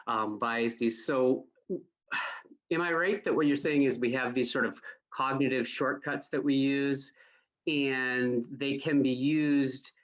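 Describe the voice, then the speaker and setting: A man's voice: medium pitch, steady tone, slow, a bit bright, muffled recording. A man attending a training session over a video call, asking a question hesitantly and thinking aloud. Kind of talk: question from the audience.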